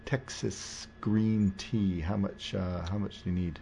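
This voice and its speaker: Low gravelly man, rambling podcast host. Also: steady tone, a little slow, dark tone, a little hiss or hum. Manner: rambling, joking, many restarts. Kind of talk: casual podcast chat. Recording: dull lo-fi recording.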